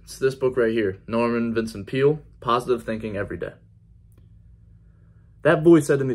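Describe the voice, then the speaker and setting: A man's voice: medium pitch, normal speed, long pauses. A man giving an earnest personal faith testimony in a conversational vlog style, repeating key phrases for emphasis. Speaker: faith vlogger.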